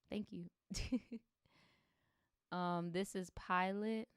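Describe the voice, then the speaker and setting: Sassy, animated woman streamer. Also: medium pitch, gravelly, smooth, no echo, clean studio sound. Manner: sassy, animated reactions, slangy and profane. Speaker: streamer reading viewer stories. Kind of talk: livestream story reading with commentary.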